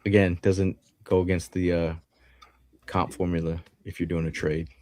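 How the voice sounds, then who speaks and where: A man's voice: sits low, level tone, normal speed, darkish tone. A man with a Philadelphia accent hosting a live sports podcast, chatting casually and reading out viewer comments and news quotes. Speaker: podcast host.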